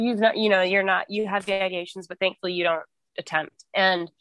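A woman's voice: lowish voice, a bit bright, dry recording. Candid young woman, swearing freely. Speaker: guest, author. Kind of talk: candid podcast conversation.

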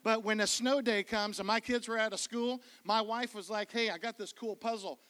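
A guest pastor delivers an energetic sermon in a church, his voice pitched high for a man. His tone is bright and forward. He jokes easily and keeps turning to the congregation with questions. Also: normal speed, clear, resonant tone. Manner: energetic, joking, calls out to the crowd. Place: church sanctuary.

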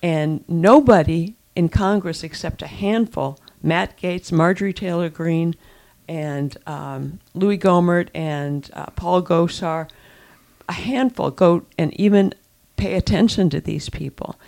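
A woman co-host speaks in casual political chat with a gravelly, creaky texture. She is emphatic and often repeats and restarts her phrases as her thoughts build. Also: on the low side, takes it slowly, a little mellow. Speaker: co-host and columnist.

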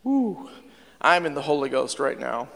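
A man preaching a sermon as pastor, in an animated style that swings from hushed to loud. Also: a little high, measured pace, big-room sound, a little hiss or hum. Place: church sanctuary.

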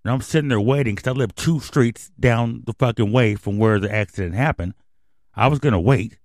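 A man's voice: medium pitch, brisk, darkish tone, no echo. A man hosting a radio show, telling an angry, profanity-filled story in a heated rant. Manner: angry, swearing constantly, heated.

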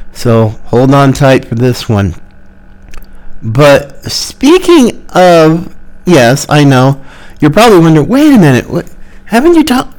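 A political commentary host talking solo, emphatic and exasperated, repeating words for stress. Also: medium pitch.

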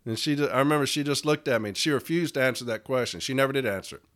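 A man's voice: mid-range voice, rapid-fire, a bit bright. A middle-aged man, a podcast host telling a story and ranting bluntly with lots of laughter and profanity. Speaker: podcast host and letter carriers' union advocate. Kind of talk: storytelling rant.

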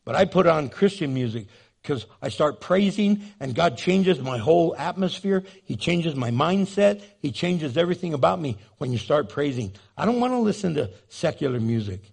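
A man preaching a sermon, animated and jokey, acting out the scenes he describes. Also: fairly high pitch, normal speed, creaky, husky. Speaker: pastor.

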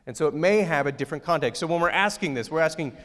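A man's voice: fairly high pitch, expressive, fast talker, fairly bright tone, in a large hall. A pastor giving a conversational, joking sermon and asking his congregation questions. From outside Ohio, United States.

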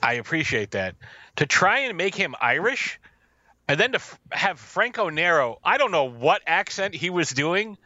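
Bright-voiced man riffing on movies. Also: a little high, very animated, normal speed, lo-fi sound. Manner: joking, rambling, many fillers. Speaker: podcast co-host. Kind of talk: casual film review chat.

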